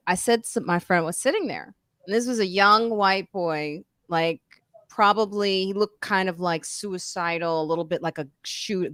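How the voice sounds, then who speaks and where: A woman hosting a live-streamed podcast, jumping in quickly and recalling shared stories in casual chat. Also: medium pitch, fairly bright tone, no room sound, clean studio sound. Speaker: podcast host.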